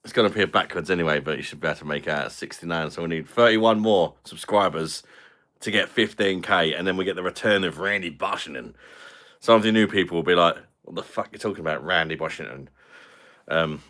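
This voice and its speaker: A man's voice: sits low, quick pace, sharp tone. A man from London with a British accent, chatting casually on a live stream and answering viewer comments. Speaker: beer review channel host.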